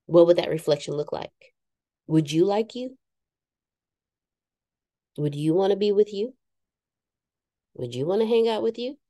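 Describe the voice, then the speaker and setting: A woman co-hosting a talk show on spiritual journeys, frank and self-mocking. She drifts into preacher-like asides as she talks. Her voice is mellow and dark, at an ordinary middle pitch. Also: animated, measured pace, long pauses. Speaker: podcast co-host.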